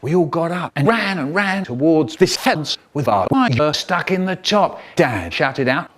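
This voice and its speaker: An older man telling a story in a spliced reading, animated and bursting into sound effects. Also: fairly high pitch, a little slow, few pauses.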